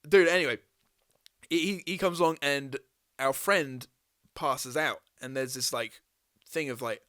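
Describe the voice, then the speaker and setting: A man's voice: mid-range voice, a little slow. A young man, a podcast host telling a story in casual chat, swearing often and acting out what people said. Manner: animated storyteller, swears a lot, acts out voices.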